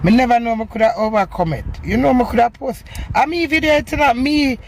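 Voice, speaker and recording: Woman, middle-aged, Jamaican Patois accent, gravelly voice, animated storytelling, loud then murmuring. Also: brisk. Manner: animated, swings between loud outbursts and low murmurs. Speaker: social media personality. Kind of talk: casual storytelling monologue.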